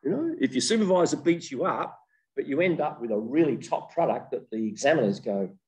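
An older man giving a humorous keynote lecture as a professor, an animated storyteller who jokes as he goes. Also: mid-range voice, a little fast, recorded from a distance, rough recording. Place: lecture room with online audience.

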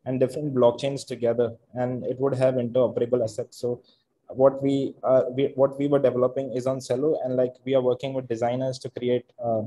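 Founder: 20s man, Indian accent, very dark and flat tone, hesitant. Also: mid-range voice, fairly quick, rough recording. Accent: Indian English. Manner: hesitant, many fillers. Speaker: startup founder presenting. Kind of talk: casual video call pitch.

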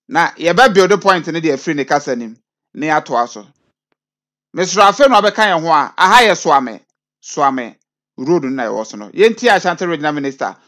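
A man's voice: a little high, a bit bright. A man hosting a casual online video chat, asking his co-host leading questions.

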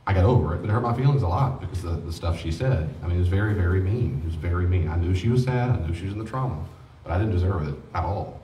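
A man's voice: sits low, racing, warm tone, slight background noise. A man preaching a teaching sermon on grief as a pastor, earnest and conversational, repeating himself for emphasis. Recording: echoey room, mic at a distance.

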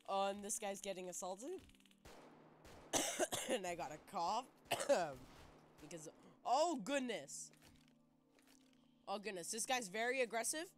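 A young woman giving excitable gameplay commentary, exclaiming and narrating her moves to viewers. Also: medium pitch, slow pace, long pauses, faint music behind. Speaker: gaming YouTuber.

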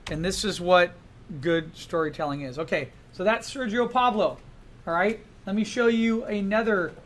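A man teaching in a classroom, animated and pitched high, firing questions at his students. A faint hum of room noise sits behind him. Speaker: art instructor. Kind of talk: classroom lecture.

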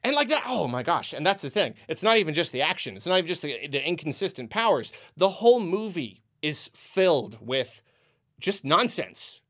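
A man delivering a ranting movie review in an exasperated, rambling way. His pitch swings widely as he stumbles through restarts and acts out quoted reactions. The delivery stays lively and loose throughout. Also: normal speed.

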